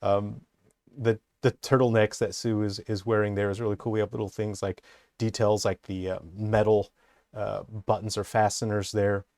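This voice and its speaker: A man's voice: lowish voice, level tone, normal speed, darkish tone, no room sound, clean studio sound. A man working as a character designer, giving an enthusiastic, rambling commentary full of hesitations. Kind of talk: casual commentary breakdown.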